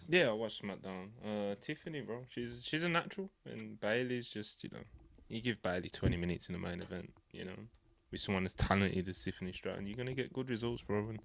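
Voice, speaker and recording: A man's voice: lowish voice, brisk, creaky, fairly bright tone, no echo. A man co-hosting a casual podcast chat, laid-back and saying bro often. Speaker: podcast co-host.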